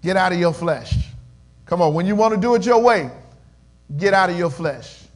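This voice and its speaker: A man preaching a sermon in call-and-response style, swinging between loud swells and quiet murmurs. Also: high voice, expressive, moderate pace. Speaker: pastor.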